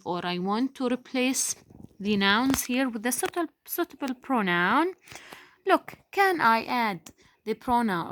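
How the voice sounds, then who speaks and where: Slow-speaking woman teacher, patient. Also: a little high, a bit bright. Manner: drawn-out emphasis on key words, patient. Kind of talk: slow, deliberate classroom explanation.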